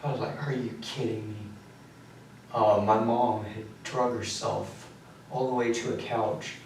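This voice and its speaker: A young man in his twenties, an inmate recounting events in a flat, matter-of-fact way during a prison interview. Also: fairly low pitch, a little slow. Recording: very echoey room, distant mic, faint hum.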